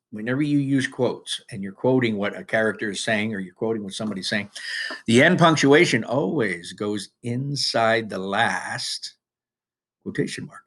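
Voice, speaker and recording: A man teaching students through a worksheet, talking casually with frequent restarts and lively emphasis. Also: mid-range voice. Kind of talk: recorded classroom lesson.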